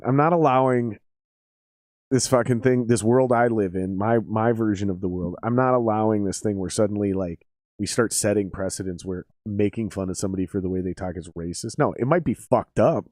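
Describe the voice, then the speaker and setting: Blunt swearing podcast host. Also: male voice, lowish voice, fairly quick, darkish tone, dry recording, clean studio sound. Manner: blunt, profane, joking. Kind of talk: casual chat.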